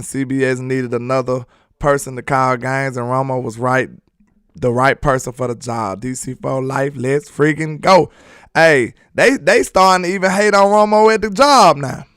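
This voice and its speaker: A man's voice: mid-range voice, fairly even intonation, moderate pace, a bit bright, smooth, dry recording, studio quality. A man hosting a casual sports live stream, reading viewer comments aloud in a loose, slangy, repetitive way and laughing often.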